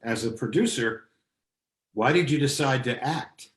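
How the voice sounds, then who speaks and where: A man's voice: medium pitch, animated, a little slow. An older man hosting an interview, asking plain, friendly questions. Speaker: interview host. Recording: roomy studio sound.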